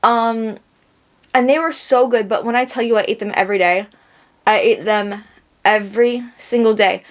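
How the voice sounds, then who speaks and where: A young woman hosts a casual solo podcast, her voice sitting a touch high. She rambles and laughs at herself, trailing off into fillers and restarts. She sounds a little under the weather. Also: fairly even intonation, moderate pace. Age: young adult. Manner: rambling, self-mocking, lots of fillers. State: sick. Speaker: podcast host.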